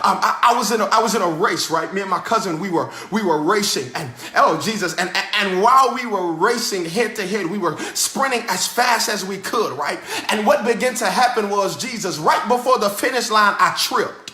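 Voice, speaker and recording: Male pastor, high and piercing, sing-song shouted preaching; echoey room. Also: moderate pace, hardly any pauses. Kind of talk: sermon.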